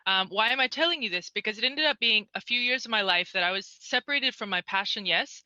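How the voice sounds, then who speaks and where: A woman's voice: medium pitch, animated, fast, bright, forceful tone, dry recording, muffled recording. A woman from North Carolina, a guest on a podcast, telling her story in a friendly, fluent way. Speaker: podcast guest, analytics consultant. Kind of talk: casual podcast interview.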